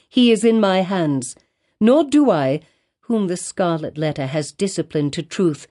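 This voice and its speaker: A woman playing a sorrowful but firm young woman in an audiobook. She speaks in earnest, old-fashioned phrases with a warm, mellow tone. Her manner is pleading and resolute. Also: lowish voice, close to an everyday voice. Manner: earnest, pleading, archaic speech. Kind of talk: audiobook character reading.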